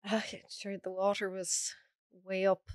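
A woman's voice: medium pitch, monotone, slow pace, no room sound. An Irish woman, a podcast guest, earnestly recounting a personal story in close detail. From Ireland.

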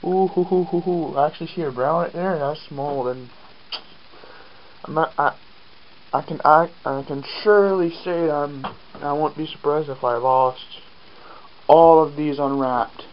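A man's voice: fairly high pitch, unhurried, lo-fi sound. A man with an Acadian French accent vlogging casually outdoors on a farm, rambling, joking at himself and swearing offhand. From Acadian, New Brunswick. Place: outdoors on a farm, rainy day.

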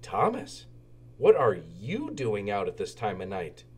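A man's voice: on the low side, wildly swooping pitch, a little slow, a little mellow, husky, faint music behind, pitched below the performer's own voice, heavily acted. A man voicing a hardworking small male engine pulling the mail, in a storybook reading. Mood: weary.

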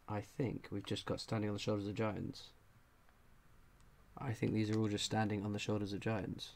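A man hosting a casual livestream, reading viewer comments aloud with dry, understated humour and frequent pauses of "uh" as he scans the chat. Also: fairly low pitch, level tone, creaky, a little mellow. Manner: frequent filler "uh" while scanning chat. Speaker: livestream host.

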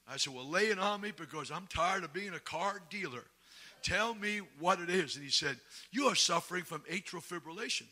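A middle-aged man preaches a folksy, humorous sermon, shifting from quiet storytelling to shouted exhortation. His voice sits on the high side and moves a little fast.

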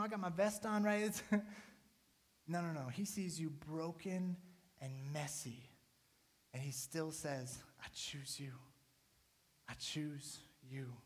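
A man in his thirties, a pastor, giving a casual, chatty sermon to his church and often checking in with "right?". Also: high voice. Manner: casual, chatty preaching with many "right?" tags.

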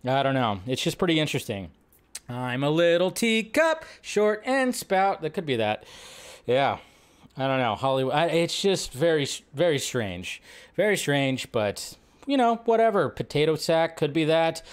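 A man hosting a casual livestream, chatting and rambling about film news, now and then shouting out quoted lines. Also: fairly high pitch, lively intonation, normal speed, clean tone. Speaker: livestream host.

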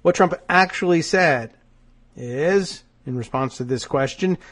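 A man's voice: on the high side, a little slow, a bit bright. A man hosting a political podcast, sardonic and wry, reading news quotes with asides, his nose stuffed up. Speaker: podcast host. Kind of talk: political commentary.

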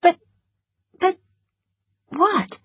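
A proud, hot-tempered young belle played by a woman narrator, her voice pitched up high and breathy. The read is dry and close, with a slightly muffled audiobook sound. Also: sing-song, moderate pace, no room sound, heavily acted. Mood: indignant. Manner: high, shrill outbursts. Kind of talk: audiobook dialogue.

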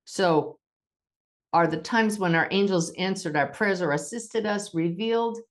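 Low-voiced woman, calm spiritual podcast host. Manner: calm, measured, slows down deliberately at times; gentle, reassuring.

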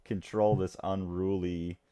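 Deep voiced guy cohosting a comics podcast, excited, keeps doing little character voices. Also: clean tone. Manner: enthusiastic, acts out characters' lines in quick bursts. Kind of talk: casual chat.

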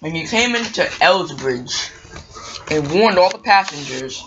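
A woman's voice: deep voice, expressive, unhurried, lo-fi sound. A woman narrating a toy-train story in a casual, rambling way, often correcting herself.

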